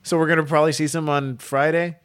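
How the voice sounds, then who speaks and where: A man's voice: fairly high pitch, level tone, fast talker, fairly bright tone, clear, resonant tone. A man co-hosting a casual podcast, reading encyclopedia text aloud and riffing on it with lots of swearing. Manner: reads aloud then riffs with heavy swearing. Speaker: podcast co-host reading wiki entries.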